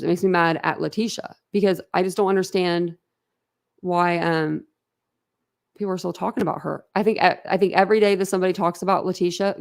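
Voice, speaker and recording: Rambling and laughing a lot, a woman hosts a livestream, talking casually and bluntly with those watching. Her voice sits on the low side and has vocal fry.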